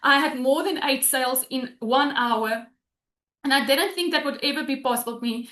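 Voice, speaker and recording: A woman with a high voice shares an emotional testimonial over a video call, her words heartfelt and halting. The room around her sounds echoey and hollow. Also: pushed and bright. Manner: heartfelt, close to tears, with restarts. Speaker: guest sharing a testimonial. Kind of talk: emotional personal testimonial on a webinar.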